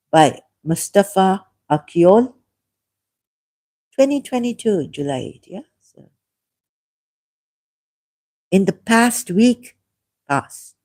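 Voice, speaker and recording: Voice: medium pitch, warm tone. A vlogger, not a native English speaker, reading an article aloud with rambling commentary, hesitant and self-correcting with frequent small laughs, sore from a recent cough. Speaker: ex-Muslim vlogger.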